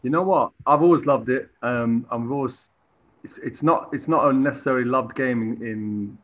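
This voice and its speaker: An English football goalkeeper answers questions in a relaxed sports interview, his mid-range voice moving at normal speed. He sounds hesitant, full of fillers and restarts. The audio is dull and lo-fi.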